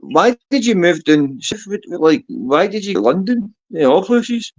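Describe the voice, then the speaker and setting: A man's voice: high-pitched, sing-song, measured pace. A man in casual livestream banter, teasing and swearing freely. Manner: profane, teasing, boisterous. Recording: dull lo-fi stream audio.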